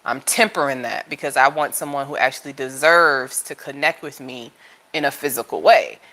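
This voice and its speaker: A young adult woman chatting casually to camera as a tarot channel host, telling stories animatedly and jumping into high, playful voices for quoted lines. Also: moderate pace. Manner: animated storytelling, jumps to high-pitched voices for quoted lines, laughs often.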